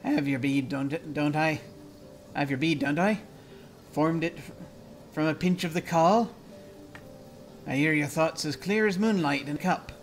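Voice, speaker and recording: A man's voice: fairly high pitch, fast talker, close to an everyday voice. A man voicing a sour, cryptic old midwife in a video game, scolding in old-fashioned phrasing over faint game music. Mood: stern. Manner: stern, scolding, archaic phrasing.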